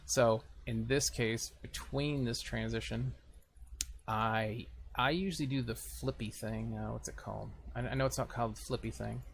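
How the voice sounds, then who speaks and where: A man's voice: medium pitch, steady tone, moderate pace, vocal fry, a little hiss or hum. A man casually talking through a screen-recorded editing tutorial, thinking aloud as he clicks around. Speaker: video tutorial host.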